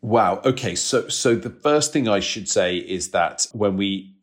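Low-voiced man, candid and rambling. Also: animated, measured pace. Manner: candid, rambling, laughs often, trails off. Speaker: podcast guest. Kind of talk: conversational interview.

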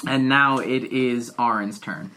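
Very low-voiced woman running a tabletop game. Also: slow pace, slight background noise, rough recording. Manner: relaxed, chatty, explaining rules as she goes. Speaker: game master.

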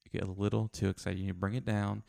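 A man's voice: fairly low pitch, flat delivery, quick pace, creaky, mellow, no room sound, studio quality. A man co-hosting a podcast, bantering and teasing his co-host in a stubborn, argumentative way. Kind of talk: casual banter.

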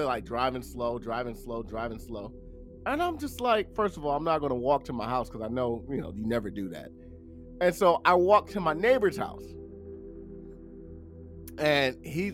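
Animated storytelling man, slightly high voice. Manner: animated, acts out his own quotes loudly. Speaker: podcast co-host. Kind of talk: casual storytelling chat.

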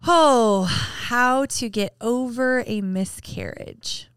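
Woman podcast cohost, 30s, telling her own story, gets emotional, smooth voice. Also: fairly high pitch, extremely slow, fairly bright tone, dry recording, clean studio sound. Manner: candid, emotional personal storytelling. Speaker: podcast co-host. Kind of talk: casual chat.

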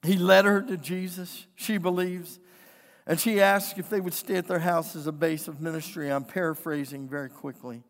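A man preaching a sermon, building from quiet storytelling to impassioned, shouted declarations. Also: fairly high pitch, fairly even intonation, normal speed. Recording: long hall reverb.

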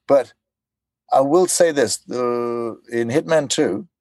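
A man being interviewed as a voice actor, telling animated stories and acting out quotes. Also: mid-range voice, slow pace, no room sound. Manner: animated storyteller, acts out quotes. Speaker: voice actor guest. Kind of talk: casual interview chat.

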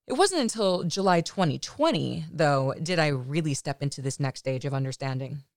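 A woman's voice: sits low, animated, normal speed, no room sound, studio quality. A woman podcast host telling a personal story in a candid, chatty way, often adding "you know" asides.

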